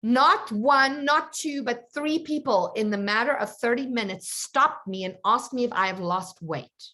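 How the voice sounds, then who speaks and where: A woman coach telling a personal story to her group in a chatty, animated way. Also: fairly high pitch, a little slow. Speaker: confidence coach. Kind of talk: storytelling in an online coaching session.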